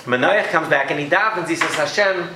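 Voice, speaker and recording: Animated man lecturing in an echoey room. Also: on the high side, a little fast, background noise. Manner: animated, acts out scenes with his children. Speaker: educator giving a parenting talk. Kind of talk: lecture with audience questions.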